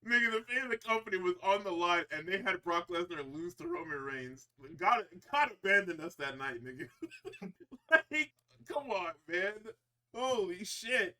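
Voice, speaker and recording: A man on a podcast giving a casual, profane wrestling recap. He gets excitable, laughs often and acts out the wrestlers' lines. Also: high-pitched, moderate pace.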